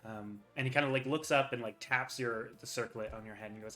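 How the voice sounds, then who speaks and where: Game master: a man with a bright voice, halting narration, faint music behind. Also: medium pitch, fairly even intonation. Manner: halting, lots of ums and likes.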